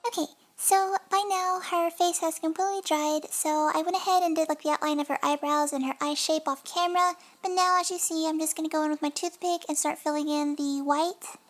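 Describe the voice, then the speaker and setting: A woman's voice: very high voice, a bit bright. A young woman in a casual, chatty voice-over, narrating her nail art at home and often apologizing between fillers. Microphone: desk mic.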